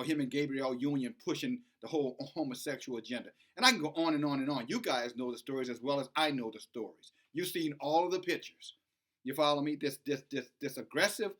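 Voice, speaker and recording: A middle-aged man hosting a preachy commentary vlog. His voice sits a bit high and rings bright. He keeps circling back to his points and building to a heated pitch. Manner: emphatic, repetitive, rising to heated. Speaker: online commentator.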